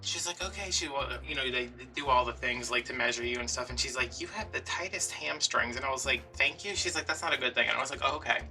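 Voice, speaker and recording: A man casually telling a story while crafting at home, animated and chatty, acting out the other people in it. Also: medium pitch, fast, hardly any pauses, far from the mic, faint music behind. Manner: chatty, animated retelling with quoted dialogue. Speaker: vlogger.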